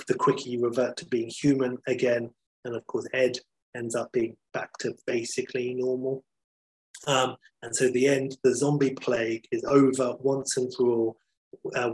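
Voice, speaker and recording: A man's voice: medium pitch, poor audio. A man, a podcast host, telling a story in enthusiastic, chatty talk with many fillers. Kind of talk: casual storytelling chat.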